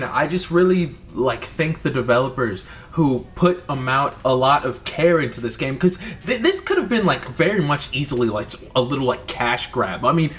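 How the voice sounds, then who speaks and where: A man's voice: mid-range voice, a bit bright, a little hiss or hum. A man from the United States talking through a casual game review vlog, rambling, profane and full of restarts. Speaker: video creator.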